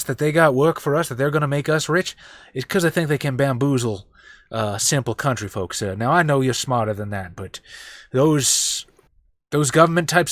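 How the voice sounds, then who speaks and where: A man's voice: fairly high pitch, a bit bright, no room sound, studio quality. A man voicing a blunt, wary country man, talking in an earnest, homespun way. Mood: warning.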